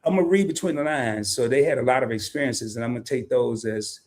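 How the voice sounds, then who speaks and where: This co-host of a live stream hails from the American South and talks at a quick clip in a medium-pitched voice. Folksy and lively, he keeps the chat casual, joking around and reading comments from viewers aloud.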